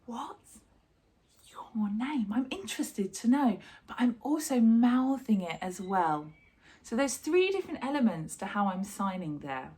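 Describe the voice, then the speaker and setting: A woman's voice: a little high, big pitch swings, moderate pace, dark tone. A woman, a drama teacher, giving a chatty and encouraging online sign language lesson.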